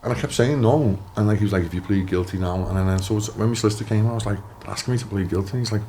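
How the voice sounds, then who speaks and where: A man in his thirties with a Liverpool accent, telling his story as a podcast guest, animated and swearing, acting out what others said. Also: on the low side, rapid-fire, a little hiss or hum. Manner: animated, swears, acts out quotes. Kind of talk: casual storytelling.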